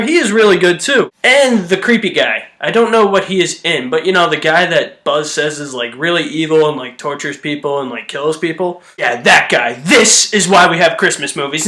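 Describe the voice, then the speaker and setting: A man's voice: sits high, bright, forceful tone. A man giving a casual, joking movie review with lots of fillers. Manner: chatty, joking, full of fillers and quick voice impressions.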